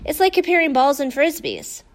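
A woman voicing an eager, boastful young male dog in a storybook, excited and bouncy. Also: sits high, normal speed, pitched above the performer's own voice.

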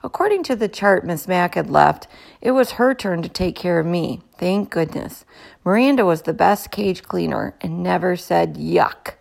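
Gravelly-voiced woman reading a storybook aloud. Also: lowish voice, moderate pace. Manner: gentle, expressive read-aloud. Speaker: storybook reader. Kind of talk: reading a children's chapter book aloud.

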